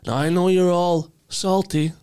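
A man's voice: sits high, steady tone, measured pace, darkish tone, clear, resonant tone, pitched above the performer's own voice. A man voicing a fat, smug male Tooth Fairy who runs a criminal gang, in a tabletop game. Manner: smug, raised theatrical voice.

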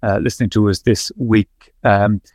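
A man with an Irish accent hosting a sports podcast, speaking in a measured, conversational way with many fillers. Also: on the low side, fairly even intonation, darkish tone, dry recording. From Ireland. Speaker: podcast host.

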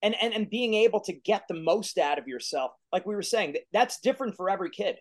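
A male podcast host with a notably high voice. He asks his guest thoughtful questions and agrees warmly with his answers. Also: lively intonation, quick pace. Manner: thoughtful, affirming interviewer. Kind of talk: interview questions.

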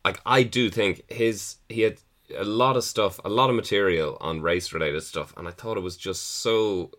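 Brief: low-voiced male co-host, measured, hedging, thinks out loud. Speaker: podcast co-host. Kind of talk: casual chat about comedy.

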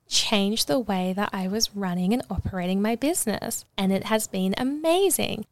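A young woman hosting her own podcast, talking alone in an animated, emphatic way and often laughing. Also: a little high, no room sound. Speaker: podcast host. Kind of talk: solo podcast monologue.

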